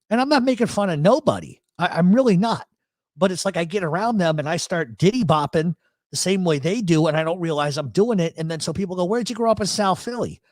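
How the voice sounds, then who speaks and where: A slightly high, somewhat mellow voice belongs to a radio show host from Rhode Island who has absorbed a South Philly accent over the years. He rambles and swears through storytelling on his live show, heard in a dry recording.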